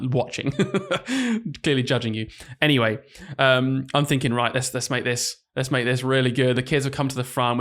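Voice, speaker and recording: Male teacher podcaster, fast casual talker, laughs a lot. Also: medium pitch. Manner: chatty, laughs often. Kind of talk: casual chat.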